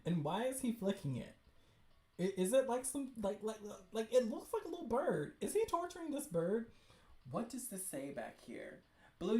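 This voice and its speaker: A woman hosting a livestream, chatting excitedly and cutting in with quick asides while reading webcomics. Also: medium pitch, echoey room. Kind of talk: casual livestream chat.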